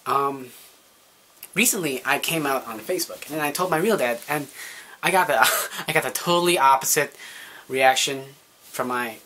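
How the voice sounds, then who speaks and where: With a pushed, bright mid-range voice, a young man speaks at normal speed and pauses often. Vlogging to camera, he shares a personal story casually, using plenty of fillers and acting out quoted voices.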